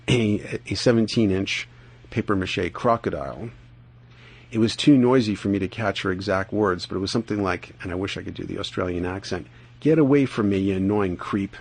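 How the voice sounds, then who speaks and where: A man hosting a podcast, reading his own first-person dream journal and commentary in a deliberate, measured way, sometimes drawing phrases out slowly. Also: lowish voice, husky.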